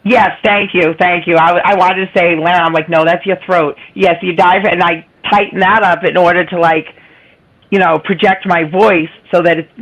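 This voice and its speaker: A woman with a Boston accent and a raspy, nasal voice, rambling in casual chat. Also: fairly low pitch, fairly even intonation, moderate pace, low-quality recording. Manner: rambling, self-deprecating, laughs often. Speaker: livestream guest.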